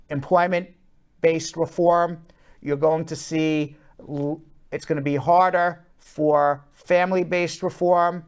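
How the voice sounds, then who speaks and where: A man hosting a talk show, giving casual political commentary in animated, fast bursts with lots of fillers. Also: on the high side, clean tone.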